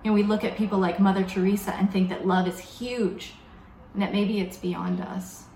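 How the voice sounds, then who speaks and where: Woman giving a sermon, calm and thoughtful, slows on the big words, echoey room w/ faint hum behind. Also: mid-range voice. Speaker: preacher.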